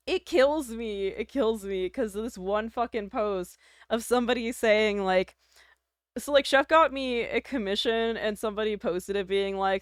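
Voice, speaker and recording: A woman's voice: on the high side, dry recording, studio quality. A woman streaming live, chatting casually with her viewers, self-deprecating, laughing often and swearing freely.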